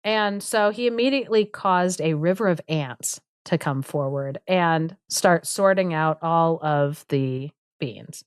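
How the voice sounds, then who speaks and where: A woman's voice: deep voice, unhurried, few pauses, clear, resonant tone, no room sound, studio quality. A woman podcast co-host casually retelling a fairy tale, full of "like" and sarcastic asides, acting out the characters' lines. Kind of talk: casual storytelling chat.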